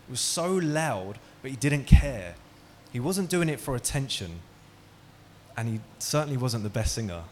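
A man's voice: mid-range voice, very animated, normal speed, darkish tone, a little hiss or hum. A man giving an interactive talk, asking the audience questions and telling stories. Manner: engaging, asks the audience questions. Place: hall with an audience.

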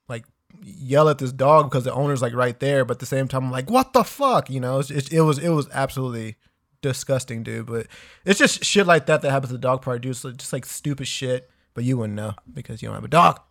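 A man's voice: mid-range voice, fairly bright tone. A man co-hosting a podcast, laid-back, rambling and swearing a lot, tossing in dude every few words. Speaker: podcast co-host. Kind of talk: casual podcast banter.

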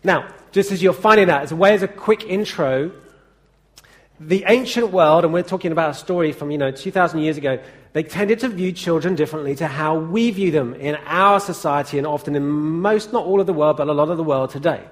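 Male preacher, slightly high-pitched, casual sermon delivery with questions to the congregation. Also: a little fast. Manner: chatty, asks the congregation questions.

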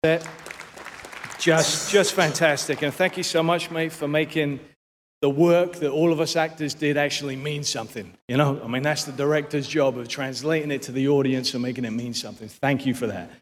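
British man's halting speech in a hall. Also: on the high side, steady tone. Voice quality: halting, full of "uh" fillers. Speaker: award winner. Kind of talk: acceptance speech. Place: large awards hall. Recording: reverberant hall with crowd.

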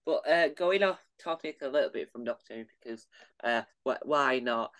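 A male interviewer asks his questions casually, with the eager enthusiasm of a fan. His voice sits at a middle pitch for a man and sounds dry and close, with no room echo. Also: moderate pace, a bit bright.

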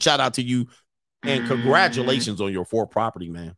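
Man, dating coach host, casual stream talk, animated and joking, dry close recording. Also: medium pitch, quick pace, dry recording. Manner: animated, joking, acts out scenes in different voices. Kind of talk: casual livestream commentary.

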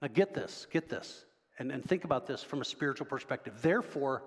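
A man's voice: mid-range voice, lively intonation, fairly quick, breathy edge. A man preaching a sermon in a conversational way, often asking the congregation questions. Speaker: pastor. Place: church sanctuary. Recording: long hall reverb.

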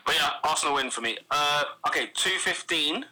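A man's voice: a little high, a little fast, background noise. A man on a casual football podcast. He hesitates and repeats words, then runs on with his predictions. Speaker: podcast co-host.

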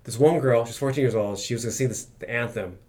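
A man on a podcast talks quickly in a mid-range voice, rambling through a story with lots of restarts and swearing. It is loose, casual chat between friends around the mic. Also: mid-range voice, darkish tone. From Los Angeles. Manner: rambling, profane, restarts often. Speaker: podcast host.

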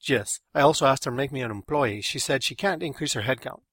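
A man voicing a frustrated, underpaid Mexican male software contractor who talks with loud indignation. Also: mid-range voice, fast talker, dry recording, clean studio sound, pitched above the performer's own voice, lightly acted. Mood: indignant. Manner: indignant, emphatic.

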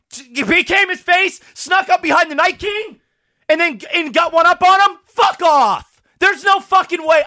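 A high-voiced man with a bright, forceful tone, worked up and ranting. He swears constantly and keeps breaking into exasperated shouts as a podcast co-host. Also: no room sound, clean studio sound. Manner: profane, exasperated, shouting rants. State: worked up and sweating. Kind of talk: heated ranting review.

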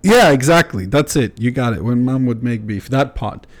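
A man's voice: medium pitch, animated, normal speed. Candid rambling young man on a podcast. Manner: candid, rambling, with frequent fillers and swearing. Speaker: podcast host. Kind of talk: casual podcast chat.

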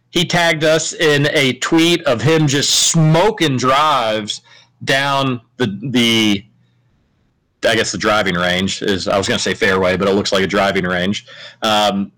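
A man hosting a sports talk show in a relaxed, casual way. He jokes around and ribs his co-hosts between updates. His voice sits at an ordinary middle pitch. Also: poor audio. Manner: joking, teasing co-hosts. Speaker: sports radio host.

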